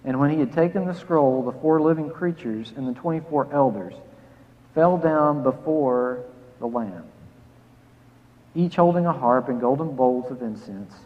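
A man pastor reading scripture, preaching and leading a prayer, emphatic on key phrases and dropping soft to pray. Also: medium pitch, unhurried. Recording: phone-like sound with long hall reverb.

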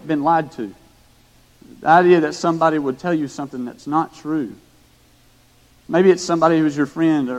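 A man preaching a storytelling sermon, animated and folksy, with frequent restarts. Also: on the high side. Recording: echoey hall.

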